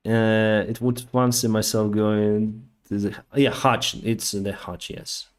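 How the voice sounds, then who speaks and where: A man with a fairly low voice hosts a casual live stream. He tells stories in a loose, rambling way, full of fillers, and acts out the other people in them. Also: level tone, takes it slowly, pauses often. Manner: rambling, with frequent fillers and acted-out quotes.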